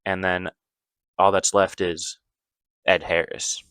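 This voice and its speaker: A man's voice: low voice, level tone, slow pace, fairly bright tone, clean tone, no echo. A man casually recapping a movie plot, rambling loosely with lots of fillers and self-corrections.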